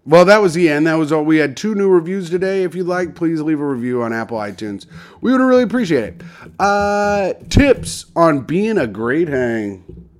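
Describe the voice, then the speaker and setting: A young man hosts a podcast in casual banter. He jokes loosely and swears freely. His slightly high voice moves up and down a lot. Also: sing-song. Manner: jokey, loose, swearing, quick laughs. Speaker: podcast co-host.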